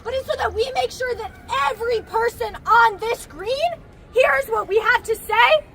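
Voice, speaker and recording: A woman's voice: very high voice, moderate pace, bright, forceful tone, a little hiss or hum, low-quality recording. A woman organizer giving urgent directions to a crowd at an outdoor protest. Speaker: rally organizer. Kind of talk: announcing at a protest rally. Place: outdoor campus green.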